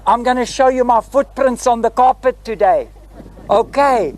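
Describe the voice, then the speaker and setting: A South African man in his sixties, a retired flight attendant guiding a group through a parked airliner in a lively, theatrical way, tagging his lines with "eh?". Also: very high-pitched, moderate pace, poor audio. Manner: lively, theatrical, tag questions like "eh?". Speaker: tour guide. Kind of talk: guided tour talk to a group. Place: inside a parked airliner cabin.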